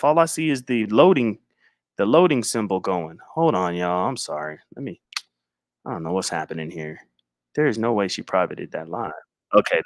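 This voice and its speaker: A man's voice: mid-range voice, fairly bright tone, no echo, clean studio sound. A man hosting a casual livestream, talking in a laid-back, slangy, rambling way with chuckles. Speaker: livestream host.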